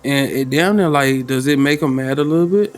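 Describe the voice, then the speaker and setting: A man running a solo tabletop game as game master, talking loosely in slang and thinking out loud. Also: medium pitch, brisk, soft background music. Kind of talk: casual tabletop game narration.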